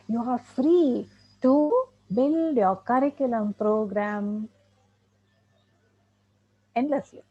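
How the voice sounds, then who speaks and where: Indian English woman trainer, gravelly mellow delivery, dull lecture recording. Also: medium pitch, expressive, slow, pauses often. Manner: emphatic, repeats points, laughs often. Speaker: special education trainer. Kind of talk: lecture to teachers and parents.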